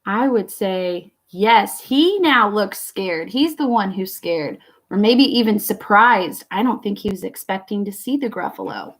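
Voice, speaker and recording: A woman reading a picture book aloud to children, gently asking her listeners questions along the way. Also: medium pitch, lively intonation, a little slow, few pauses. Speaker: children's storyteller.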